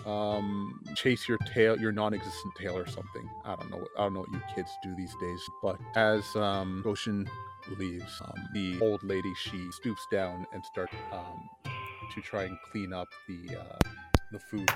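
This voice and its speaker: A man's voice: low-pitched, level tone, normal speed. A man narrating a tabletop game as game master, rambling with lots of ums and uhs. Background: background music.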